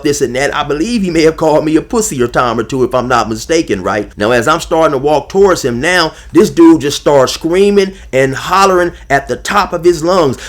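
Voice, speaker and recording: A man's voice: fairly high pitch, fairly quick, hardly any pauses. An older man with grandchildren telling a personal story to his viewers in a casual, emphatic, conversational way, speaking to them directly.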